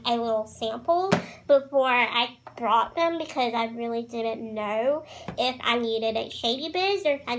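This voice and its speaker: A woman's voice: sits high, a bit bright, slight background noise, low-quality recording. A woman chatting casually through a makeup tutorial, bubbly and gushing about the products. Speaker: beauty vlogger.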